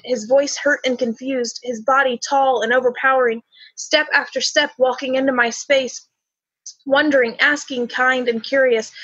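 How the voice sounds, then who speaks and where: A woman performing a spoken word poem in a slow, measured, halting delivery. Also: high-pitched, fairly bright tone, breathy edge, dry recording. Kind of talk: spoken word poetry reading. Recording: dull, slightly lo-fi sound.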